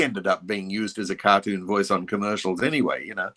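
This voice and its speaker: An older man with an Australian accent and a slightly low voice. He talks reflectively as an interview guest, circling back and restarting as he recalls old stories. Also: steady tone, brisk, sharp tone. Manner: reflective and anecdotal, with frequent restarts. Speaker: voice actor guest. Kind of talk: casual interview chat.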